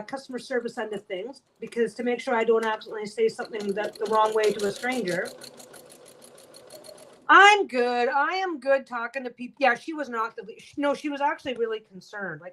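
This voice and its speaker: Blunt, foul-mouthed woman, fairly high voice. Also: a bit bright, low-quality recording. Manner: swears a lot, blunt and talkative. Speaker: quilter and livestream host. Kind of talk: casual livestream chat while sewing. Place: home sewing room.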